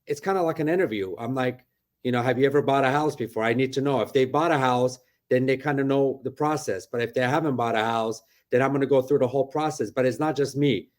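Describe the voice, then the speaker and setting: A man's voice: mid-range voice, quick pace. A middle-aged man, a real estate broker, chatting animatedly from his office on a video call and tagging his points with "right?". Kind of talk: casual interview talk.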